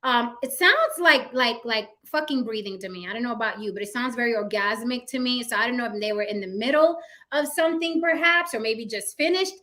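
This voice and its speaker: A woman's voice: fairly high pitch, fairly quick, sharp tone. A woman giving blunt, chatty, profane commentary on a vlog. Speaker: commentary vlogger. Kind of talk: casual spoken commentary.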